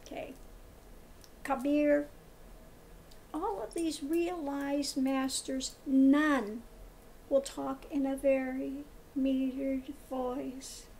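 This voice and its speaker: A woman with a high voice delivers a commentary monologue at a slow, deliberate pace. She speaks with emphatic scorn and hammers her points through repetition. A faint hiss runs underneath. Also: fairly even intonation, a little mellow. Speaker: tarot reader and spiritual commentator.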